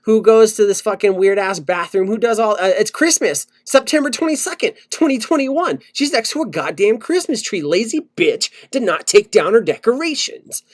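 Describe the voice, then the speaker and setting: A man co-hosting a podcast, ranting loudly in casual chat and swearing a lot. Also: high voice, animated, normal speed, hardly any pauses, no room sound. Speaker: podcast co-host.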